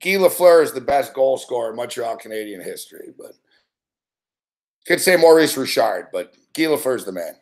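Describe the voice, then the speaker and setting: A man's voice: medium pitch, lively intonation, moderate pace, a little mellow. A man hosting a late-night sports talk stream, ranting in a rambling, profane way and reading out chat between laughs. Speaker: sports talk show host.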